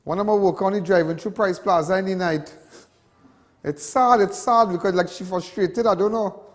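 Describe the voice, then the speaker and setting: A high-voiced Trinidadian man hosts a TV show in an impassioned monologue. He rambles and repeats himself, dropping local slang as he gets worked up. A long reverb trails behind his voice. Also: moderate pace. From Trinidad and Tobago. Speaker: TV show host.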